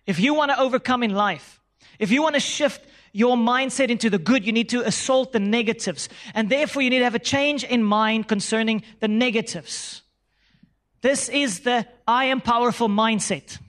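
A man's voice: extremely high pitch, normal speed, fairly bright tone. A male pastor preaching a sermon, emphatic, repeating phrases and calling the congregation to say lines back with him.

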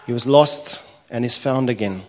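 A man preaching a sermon, telling a parable with animated, acted-out voices. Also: mid-range voice, moderate pace, a little hiss or hum. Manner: animated storytelling, acting out characters' complaints. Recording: echoey hall reverb.

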